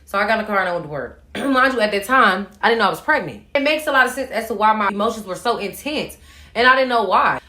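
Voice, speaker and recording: A woman's voice: medium pitch, fast talker, roomy sound. A woman telling a personal story in a casual monologue, swearing freely and acting out what people said. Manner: animated, profane, acts out quotes. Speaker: storytime host.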